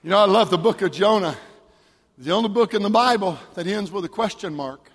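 A male pastor preaching a camp meeting sermon, moving from a chatty story into shouted preaching. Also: high voice, expressive, a little fast, husky, big-room sound. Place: large church hall at a camp meeting.

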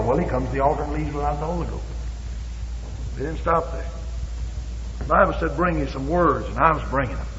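A man's voice: fairly high pitch, brisk, long pauses, fairly bright tone, a little hiss or hum. A man preaching a Pentecostal sermon with fervent emphasis, acting out bits of dialogue, in a church or revival hall. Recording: echoey hall, dull lo-fi.

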